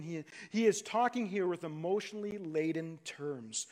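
A man with a notably high-pitched voice preaches a sermon from the pulpit. He moves between raised, pleading passages and hushed, low-spoken stretches as he works through the text. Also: moderate pace. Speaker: pastor.

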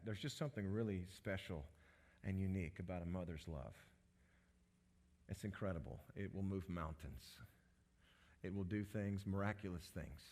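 A middle-aged man preaching a sermon in an earnest way, swinging from emphatic rises to soft, low drops. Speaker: pastor.

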